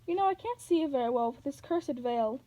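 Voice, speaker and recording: A woman's voice: high-pitched, animated, normal speed, warm tone, rough recording. A woman voicing coaxing monster Medusa. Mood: sweetly coaxing. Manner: coaxing, purring. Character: Medusa as sweet old woman, scheming female monster.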